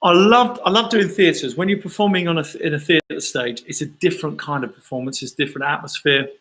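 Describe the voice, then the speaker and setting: A man's voice: on the high side, a little fast, fairly bright tone, rough recording. A man from London, a singer chatting casually through fan questions on a livestream and telling rambling stories.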